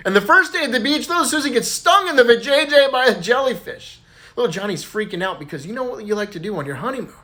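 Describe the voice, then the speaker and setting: A man's voice: very high-pitched, expressive, fast, pushed and bright. A man telling crude jokes in a casual way, bouncing into character voices and laughing at his own punchlines. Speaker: joke teller.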